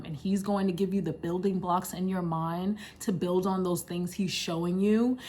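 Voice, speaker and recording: A woman's voice: on the low side, warm tone. A young woman casually retelling a Bible story in a slangy, chatty way, laughing often. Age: young adult. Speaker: Bible study vlogger. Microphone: camera mic.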